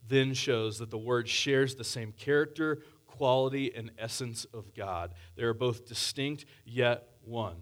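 Male pastor, mid-pitched voice, earnest conversational sermon with scripture readings.

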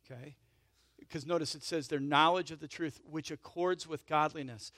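A man's voice: a little high, steady tone, moderate pace, no room sound. Emphatic preaching man, dry close sound. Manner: conversational preaching, frequent "right?" and "okay?" check-ins; emphatic swells in volume, then drops to soft intimate asides. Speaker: pastor. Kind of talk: sermon.

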